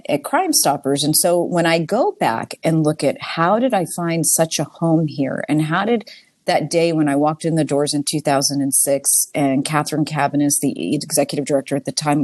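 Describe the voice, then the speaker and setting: Low-voiced woman telling stories. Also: normal speed, darkish tone, dry recording. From Boston, US Northeast. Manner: chatty storyteller who acts out her own quotes. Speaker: guest, nonprofit CEO. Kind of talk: casual interview conversation.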